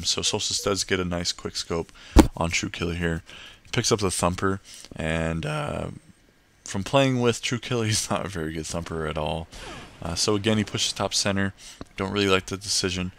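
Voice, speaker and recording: A man's voice: sits low, moderate pace, fairly bright tone, slight background noise. A young man giving casual, rambling gameplay commentary and tips, full of fillers and restarts.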